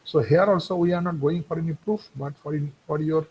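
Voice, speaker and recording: A man's voice: a little high, steady tone, brisk, husky, dull audio. A man giving a university engineering lecture, repeating points and checking in with "okay" often.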